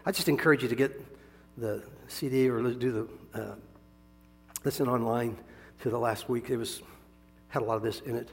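A male pastor preaching a sermon, animated, swinging between soft asides and loud emphatic bursts, chuckling often. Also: mid-range voice, normal speed, long reverb tail.

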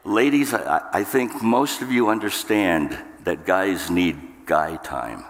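A man's voice: takes it slowly, slight background noise. A man preaching a sermon to a church congregation, talking emphatically and with humor. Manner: emphatic, jumps up in pitch for acted outbursts. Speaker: pastor. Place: church sanctuary. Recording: long hall reverb.

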